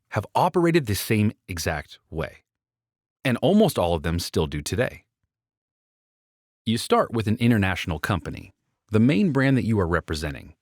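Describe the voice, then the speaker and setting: Lively low-voiced man narrating his own book. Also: no echo, studio quality. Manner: persuasive, addresses the listener directly. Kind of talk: audiobook narration.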